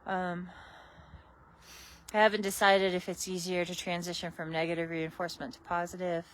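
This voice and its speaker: A woman's voice: fairly low pitch, flat delivery, moderate pace, a little hiss or hum, rough recording. A woman horse trainer chatting casually on a livestream while working outdoors at a barn, easygoing and coaxing.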